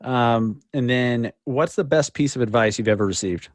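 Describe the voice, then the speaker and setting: A man hosting a podcast, asking questions in a relaxed, easygoing way. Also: mid-range voice, normal speed, dry recording, studio quality. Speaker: podcast host. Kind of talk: casual interview.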